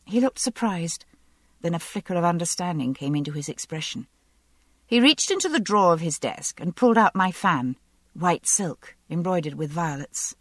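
Low-voiced woman narrating a novel. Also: animated, normal speed, dry recording. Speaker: audiobook narrator. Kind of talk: first-person novel narration.

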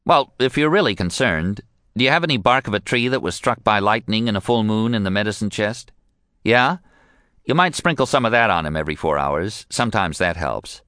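A man voicing a sleepy, laid-back male witch doctor taking a late-night phone call, in a drowsy deadpan manner. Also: lowish voice, fairly quick, no echo, clean studio sound, voice pushed up.

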